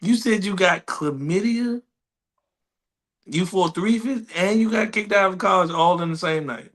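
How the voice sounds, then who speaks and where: A man with a slightly high voice chats on a podcast. He reacts in a laid-back, halting way and restarts his sentences often. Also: fairly bright tone. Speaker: podcast co-host. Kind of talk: casual chat.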